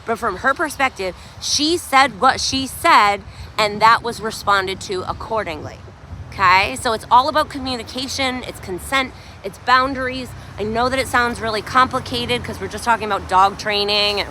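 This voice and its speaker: A woman dog trainer talking through a live outdoor training session, praising the dog in high excited bursts between her explanations. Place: outdoors by a sidewalk. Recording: faint outdoor noise, at times far from the camera.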